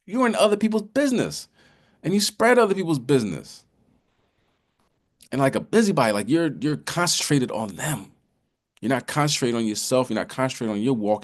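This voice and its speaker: A man's voice: a little high, animated, normal speed. A man giving a casual bible lesson, talking in a loose, conversational way with many restarts and repeated "you know"s. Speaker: religious teacher.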